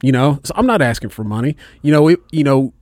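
A man from Indiana telling a story in casual chat, animated and heavy on swearing. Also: medium pitch, fast talker, no room sound, clean studio sound.

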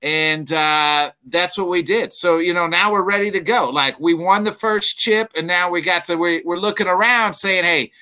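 Bright, brash, teasing man. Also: high voice, normal speed, hardly any pauses, clear, resonant tone. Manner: brash, teasing, trash-talking. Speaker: co-host. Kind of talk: casual sports chat.

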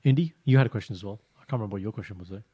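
A man co-hosting a podcast, telling a story in a casual, animated way and jumping into high, exaggerated voices. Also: rapid-fire, breathy edge. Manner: animated storytelling, breaks into high mock greetings. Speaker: podcast co-host. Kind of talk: casual chat.

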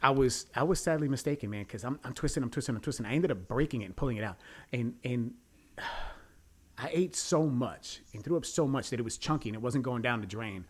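A man hosting a podcast in casual chat, rambling and crude as he tells his stories. His voice sits at an ordinary middle pitch. He is animated and talks loosely, with plenty of restarts. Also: a little fast, slightly rough. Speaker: podcast host. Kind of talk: casual storytelling.

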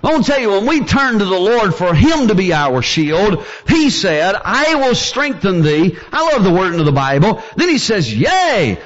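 A man preaching with fervent energy, his voice sitting high and moving through a wide, lively range. He builds toward near-shouts as he presses his points. The recording sounds dull and lo-fi. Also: a little slow, hardly any pauses. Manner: fervent, rising to near-shouts when quoting scripture. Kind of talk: sermon.

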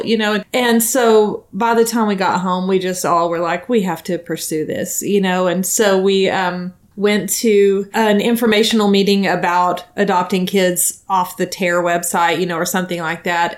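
Woman in her 40s telling a family story, lively, does the voices of people she quotes. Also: mid-range voice, moderate pace, hardly any pauses. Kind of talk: casual storytelling.

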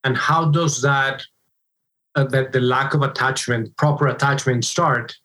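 A married man co-hosting a casual faith-based discussion of a film, thoughtful and building his points with quick "right?" checks. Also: medium pitch, steady tone, sharp tone, rough recording.

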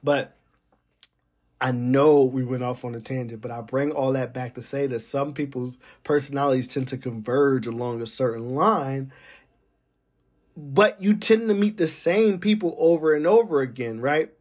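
A man's voice: medium pitch, normal speed, darkish tone. A man talks casually about workplace personalities, wandering off on tangents as he goes. His speech is full of fillers and restarts. Now and then he gives a wry, uncomfortable laugh. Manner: rambling, digressive, many fillers. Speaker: military weather forecaster. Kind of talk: casual monologue.

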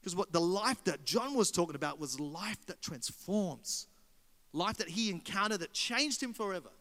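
An Australian man preaching a sermon, telling animated stories and calling out to the congregation. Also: high voice, moderate pace, big-room sound. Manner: animated storyteller, addresses congregation. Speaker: pastor.

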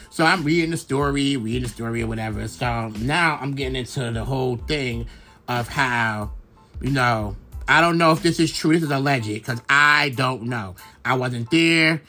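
A man's voice: medium pitch, normal speed, pushed and bright, soft background music. A young man from Brooklyn, hosting a casual, rambling gossip monologue full of fillers and swearing. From Brooklyn, New York. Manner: chatty, profane, rambling with many fillers. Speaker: podcast host.

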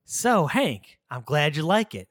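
A prim, needling middle-aged housewife with a cold, sinister edge, as a man puts her on for a comedy podcast. Her voice sits a bit high and swoops a lot. The recording is dry and close. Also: sing-song, measured pace, a bit bright, no room sound, full character voice. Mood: smug. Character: smug, coldly vengeful middle-aged housewife Peggy.

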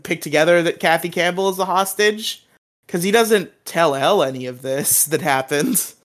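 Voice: mid-range voice, a bit bright. A podcast co-host giving a casual, rambling recap of an episode, laughing often and acting out quoted lines.

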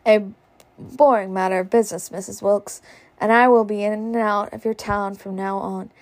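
A woman voicing a courtly, mocking gentleman in a storybook reading, speaking with formal politeness. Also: mid-range voice, steady tone, normal speed, close to an everyday voice. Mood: mock-courteous. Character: smooth mocking gentleman blockade runner.

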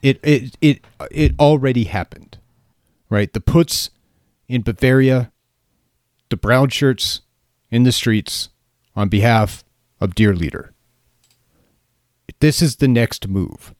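A man co-hosting a political podcast, blunt, with halting restarts. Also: medium pitch, darkish tone, no echo, clean studio sound. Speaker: podcast co-host.

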